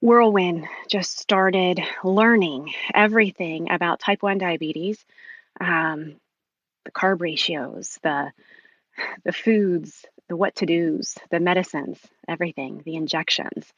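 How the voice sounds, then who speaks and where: A woman guest on a podcast, telling an emotional personal story with many pauses and ums. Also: fairly low pitch, a bit bright, no room sound, lo-fi sound.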